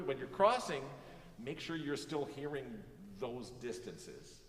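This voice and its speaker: Distant animated man coaching in an echoey hall. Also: medium pitch, takes it slowly. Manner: animated, sings phrases to demonstrate. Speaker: music master class teacher. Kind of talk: coaching a student in a master class.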